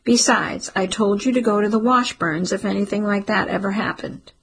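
A woman reading the part of a nervous mother who works as a server, with a husky, breathy voice. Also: medium pitch, moderate pace, rough recording. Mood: defensive.

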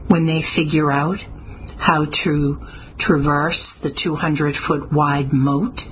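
A woman's voice: low-pitched, steady tone, takes it slowly, slight background noise, rough recording. A woman reading an audiobook, voicing a blunt, cynical, moody man who talks sharply. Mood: scoffing. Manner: sharp, scoffing. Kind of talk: audiobook character voice.

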